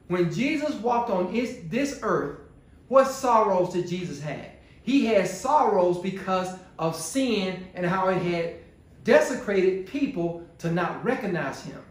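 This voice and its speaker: Male pastor, high voice, sermon with rhetorical questions, heavy church echo. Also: expressive, takes it slowly. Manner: call-and-response preaching, rhetorical questions. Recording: very echoey church room.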